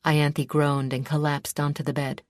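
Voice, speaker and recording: A woman reading a fantasy audiobook in a measured, steady storytelling manner. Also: sits low, dry recording. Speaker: audiobook narrator. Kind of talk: scripted narration.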